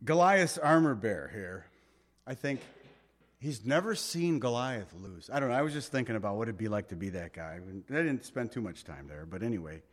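A man's voice: on the low side, lively intonation, normal speed. A man preaching a conversational sermon, acting out scenes with jokes and asides.

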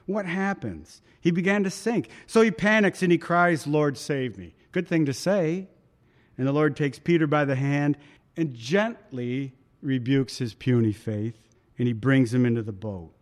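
A man's voice: a little high, a little slow. Conversational man preaching a sermon. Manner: conversational, dramatic quoting of voices.

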